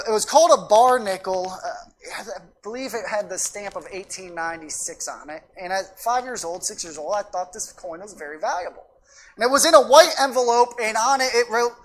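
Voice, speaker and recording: A woman's voice: medium pitch, slight background noise. Emphatic woman pastor preaching. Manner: emphatic, repetitive preaching with anecdotes. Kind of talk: sermon. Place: church sanctuary.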